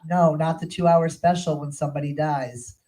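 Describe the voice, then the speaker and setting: A woman's voice: sits low, steady tone, moderate pace, dark tone, low-quality recording. Woman, middle-aged, stand-up comic, crude, profane, comedy club. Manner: crude, profane, brash storytelling. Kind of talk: stand-up routine.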